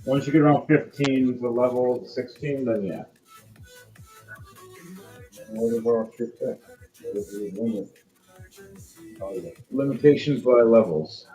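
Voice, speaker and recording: A man narrating as game master in a relaxed, conversational way, with quick asides to the players. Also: mid-range voice, faint music behind, low-quality recording.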